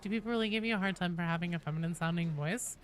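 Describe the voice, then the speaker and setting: A woman's voice: on the low side, very fast, a little hiss or hum. A young woman streaming a game, chatting casually with viewers in a forward, nasal voice and reading chat aloud.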